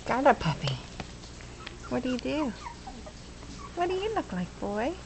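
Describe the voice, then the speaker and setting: A woman's voice: sits high, big pitch swings, a little slow. A woman filming a litter of puppies at home, talking casually and cooing at them in baby talk on a camera mic. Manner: coos and baby-talks at the puppies. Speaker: puppy owner filming a litter. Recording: loud background noise, home video.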